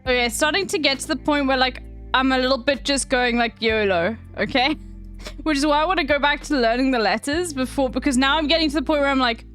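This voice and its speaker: High-voiced, swearing woman streamer. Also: a little fast, fairly bright tone, soft background music. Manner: blunt, swearing, slangy. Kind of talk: casual live-stream chat.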